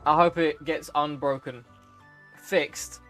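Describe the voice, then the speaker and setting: A man's voice: on the high side, steady tone, slow pace, pushed and bright, faint music behind. A young man streaming a game, reacting emotionally with gasps, laughter and sudden outbursts. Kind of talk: live gameplay reaction.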